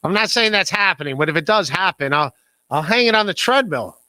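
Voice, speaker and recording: A man's voice: sits high, lively intonation, a little fast, sharp tone. A man hosting a casual podcast livestream, rambling and self-deprecating as he reads chat messages, laughing often and stammering on repeated words. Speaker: podcast host.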